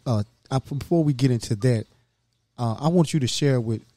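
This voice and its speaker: A man hosting a podcast, affirming his guest and leading into a question with halting fillers. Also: mid-range voice, mellow, no room sound. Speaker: podcast host. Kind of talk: interview questions.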